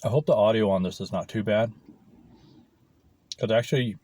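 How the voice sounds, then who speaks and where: A man's voice: on the low side, moderate pace, mellow. Rambling, swearing man chatting over lunch. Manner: rambling, profane, swears often. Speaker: vlogger. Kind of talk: casual chat while eating lunch. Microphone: camera mic, no clip-on mic.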